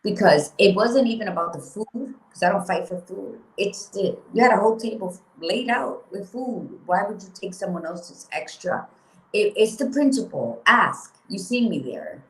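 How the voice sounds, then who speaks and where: A woman co-hosting a casual motivational chat, blunt and animated, swearing freely. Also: mid-range voice, normal speed, echoey room, poor audio. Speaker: podcast co-host.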